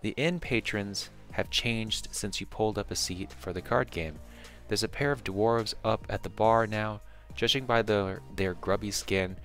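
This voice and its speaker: A man narrating a second-person fantasy adventure in a measured way, with small slips and restarts. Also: on the low side, creaky, a bit bright.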